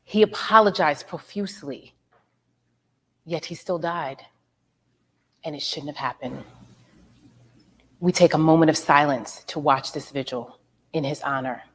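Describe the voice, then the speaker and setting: A woman with a low voice reads a solemn tribute script. Her delivery is measured and grave throughout. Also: fairly bright tone. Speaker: narrator of a tribute segment.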